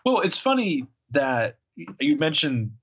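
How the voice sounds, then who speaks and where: A man's voice: on the high side, very animated, measured pace, a bit bright, slightly rough, lo-fi sound. A man co-hosting a podcast in casual chat, joking and laughing as he talks. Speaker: podcast co-host.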